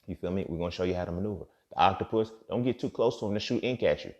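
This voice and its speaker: A man's voice: deep voice, racing, a little mellow. A man hosting a casual motivational monologue, talking in profane street slang and often asking "you feel me". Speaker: podcast host. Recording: dull lo-fi recording.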